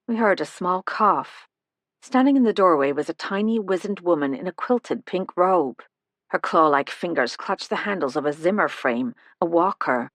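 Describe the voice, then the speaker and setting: A woman reading a first-person mystery audiobook in an even, measured way. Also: on the low side, dry recording. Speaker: audiobook narrator.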